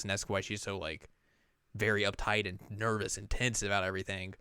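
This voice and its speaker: A man's voice: on the low side, brisk, sharp tone, clean tone, no echo, studio quality. A man hosting a casual anime recap, rambling with lots of fillers and acting out the characters. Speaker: host.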